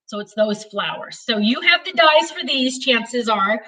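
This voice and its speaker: A woman in her thirties chats through a live craft stream, and she talks loudly because she has no mic. Her voice is high and bright. She is picked up from across an indoor studio. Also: expressive, measured pace. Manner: chatty, self-deprecating, talks loudly to reach distant cameras. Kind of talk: casual live-stream chat. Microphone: no mic, cameras far away. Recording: distant, unmiked room sound.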